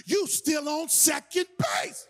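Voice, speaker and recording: A man preaching a sermon as pastor, telling a story with shouting, playful energy. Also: very high voice, big pitch swings, takes it slowly, vocal fry, soft background music. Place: church sanctuary.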